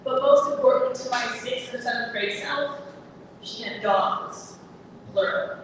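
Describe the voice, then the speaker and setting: A woman's voice: on the high side, wildly swooping pitch, measured pace, noisy background. A young woman telling a personal story at a live event, earnest and lightly humorous. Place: coffee shop. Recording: echoey, distant live recording.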